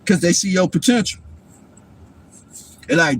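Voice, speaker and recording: A man with a notably high-pitched voice holds forth on a livestream in a loose, rambling monologue. He swears freely, preaches his points, and keeps checking that the listener is following along. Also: moderate pace. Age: adult father. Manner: profane, preachy, keeps asking "you know what I'm saying". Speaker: livestream host.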